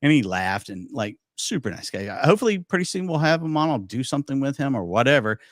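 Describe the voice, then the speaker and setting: A man's voice: mid-range voice, sing-song, fast, dry recording, clean studio sound. A man hosting a podcast, chatting casually and telling anecdotes with lots of quoted dialogue. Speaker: podcast host. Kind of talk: casual chat storytelling.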